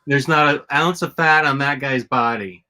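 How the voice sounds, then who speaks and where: A man's voice: medium pitch, normal speed, sharp tone. A man hosting a casual chat show, rambling with lots of restarts and fillers. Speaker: podcast host.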